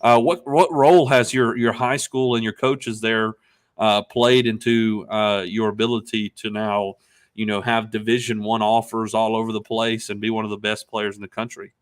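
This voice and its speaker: A man's voice: lowish voice, fairly even intonation, normal speed. A man co-hosting an interview show, friendly and upbeat, with lots of fillers. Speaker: podcast co-host. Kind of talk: casual interview chat.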